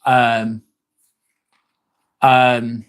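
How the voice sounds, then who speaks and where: In a mid-range, monotone voice that draws out his words, a young man reads viewer comments on his casual livestream. He responds to them in a reassuring, chatty manner.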